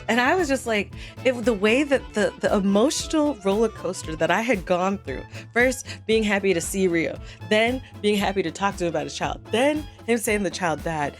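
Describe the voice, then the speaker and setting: A woman vlogger in her thirties telling a lively, animated story in a casual chat, jumping high in pitch whenever she quotes people. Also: brisk, faint music behind.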